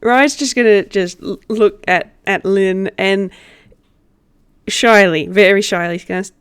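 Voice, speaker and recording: A woman narrating as game master of a tabletop role-play game, in slow, gentle narration. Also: mid-range voice, clear, resonant tone, no room sound.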